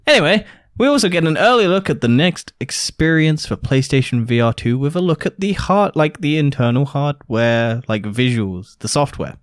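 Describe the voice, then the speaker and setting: A man's voice: a little high, expressive, moderate pace, dry recording, studio quality. A young man co-hosting a casual podcast chat, blunt and teasing, with the odd swear. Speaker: podcast co-host.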